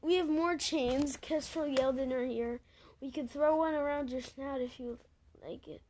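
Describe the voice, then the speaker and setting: Girl reading bossy dragon guardian lady, threatening, kinda high voice. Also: steady tone, normal speed, mellow, a little hiss or hum, lightly acted. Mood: stern. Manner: scolding, threatening. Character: stern harsh female dragon guardian.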